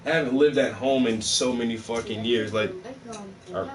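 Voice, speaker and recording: A man chatting casually on a livestream as he paints, animated, mimicking his own phone voices and swearing freely. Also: medium pitch, moderate pace, far from the mic, crowd noise. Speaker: vlogger and painter.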